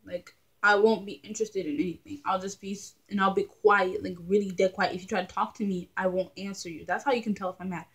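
A woman's voice: medium pitch, fast talker, few pauses, slightly rough. Chatty young woman vlogger. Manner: chatty, animated, laughs often. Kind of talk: casual talking-to-camera vlog.

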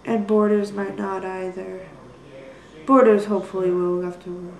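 A woman's voice: mid-range voice, flat delivery, normal speed, creaky, darkish tone, echoey room, low-quality recording. A young woman rambling through a casual vlog, apologizing often and putting herself down. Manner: rambling, apologetic, self-deprecating. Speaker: vlogger. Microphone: built-in computer mic.

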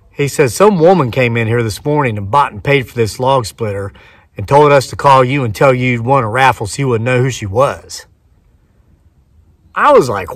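A man's voice: mid-range voice, normal speed, a bit bright, no room sound, distant mic. A man in his forties, a homesteading vlogger, retelling a story to camera outdoors and acting out both sides of the dialogue. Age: 40s.

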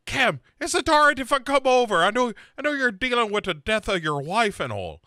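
A man voicing a pushy young woman in an exaggerated high falsetto. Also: big pitch swings, fairly quick, bright, forceful tone, heavily acted. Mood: cloying.

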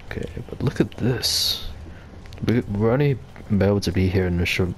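A man's voice: lowish voice, moderate pace, a little hiss or hum. A man giving casual, rambling commentary as he plays a video game, reading on-screen text aloud. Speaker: gamer.

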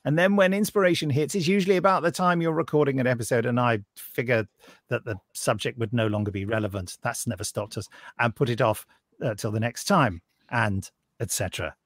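A man's voice: medium pitch, brisk, no echo, studio quality. Wry man reading listener emails. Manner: wry, joking asides while reading. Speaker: podcast host. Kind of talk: casual chat, reading listener emails aloud.

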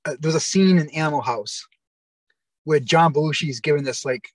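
Man, casual interview storytelling, rambling with fillers, somewhat high voice, dry recording. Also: brisk, no room sound. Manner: rambling, many fillers and restarts. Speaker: interview guest.

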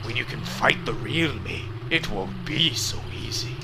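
An Australian man voicing a menacing male villain sorcerer from a video game who speaks slowly and ominously. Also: medium pitch, expressive, creaky, background noise. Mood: taunting. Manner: slow, ominous, boastful.

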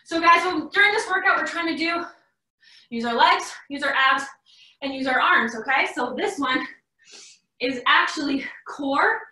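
Heard from across an echoey room on a distant mic, a young woman leads a live online workout class as a fitness coach. Her high-pitched voice is animated, pushed and bright, moving at a moderate pace. She gives encouraging, upbeat instructions while sounding slightly out of breath.

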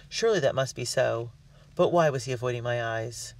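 A man narrating a storybook in the first person with an earnest, expressive delivery. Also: mid-range voice, fairly quick. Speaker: audiobook reader. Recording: dry, distant mic.

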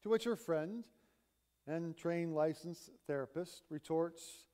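Male preacher in a church sanctuary, a sermon storyteller, slow and measured, clear resonant tone. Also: a little high, mellow. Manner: storytelling, retelling a conversation. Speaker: pastor.

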